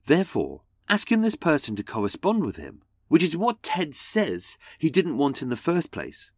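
Mocking male narrator, lively pitch. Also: moderate pace, husky, no room sound, faint music behind. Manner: mocking, theatrical. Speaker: podcast host. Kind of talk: sarcastic scripted narration.

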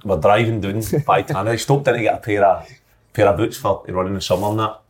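A man telling a lively story in casual podcast chat. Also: lowish voice, fast talker. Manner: animated, laughing storyteller.

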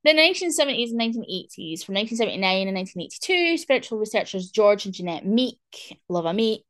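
A woman's voice: mid-range voice, big pitch swings, fast talker, a bit bright. A young woman hosting a podcast, chatting in a rambling way full of fillers. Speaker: podcast host. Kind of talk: casual chat.

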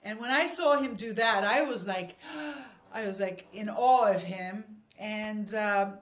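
A woman's voice: medium pitch, takes it slowly. A chatty woman tells stories and acts out what others said, laughing often. Her voice comes from a little way off the mic, in a roomy, echoing space. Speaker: guest actress. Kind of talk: casual storytelling interview. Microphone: remote call mic. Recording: roomy echo from a distance.

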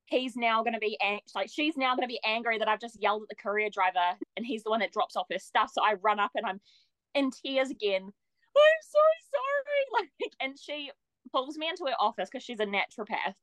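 A young New Zealand woman, a podcast guest, tells a story casually, bubbly and laughing often, playfully changing her voice for quoted lines. Her voice sits a little high with a fairly bright tone, and she talks quickly. The recording is dry and low in quality.

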